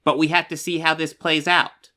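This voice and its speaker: A young man talks through a reaction video with a bright, forceful voice. He sounds exasperated and sarcastic, and he swears casually as he rebuts the clip. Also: on the high side, little pitch movement, normal speed. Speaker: commentary host. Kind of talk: reaction commentary.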